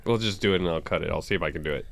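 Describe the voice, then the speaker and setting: A man hosting a casual podcast, teasing his guests and laughing loudly. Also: low-pitched, rapid-fire, gravelly, no room sound. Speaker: podcast host and editor. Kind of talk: casual chat.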